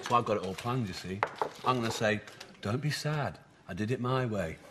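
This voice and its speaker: In a sitcom, a young adult actor plays a clownish best man who rambles from one silly joke to the next, full of goofy asides. His voice is lowish, a little fast and natural, with background noise. The TV recording carries loud audience laughter.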